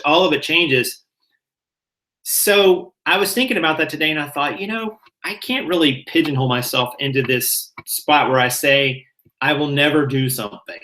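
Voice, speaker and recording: Bright-voiced chatty Southern man. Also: on the high side, low-quality recording. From American South. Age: middle-aged. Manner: chatty, rambling, self-correcting. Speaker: reseller channel host. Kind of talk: casual chat.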